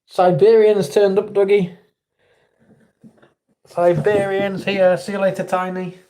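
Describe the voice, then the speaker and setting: A man's voice: high voice, level tone, normal speed, dark tone. A man with an English accent hosting a casual livestream, chatting with viewers and greeting them by name. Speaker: livestream host.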